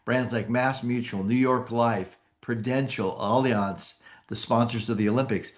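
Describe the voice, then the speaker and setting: A man giving an enthusiastic sales pitch on an opportunity call, often restarting and correcting his phrases. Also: fairly even intonation, measured pace. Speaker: company presenter pitching annuity sales.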